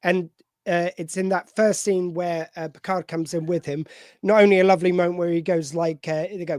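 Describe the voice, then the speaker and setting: A man's voice: high voice, fairly even intonation, a little fast, a little mellow, no echo. A man co-hosting a podcast, talking enthusiastically and swearing freely about an episode. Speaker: podcast co-host. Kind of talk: casual chat recapping an episode.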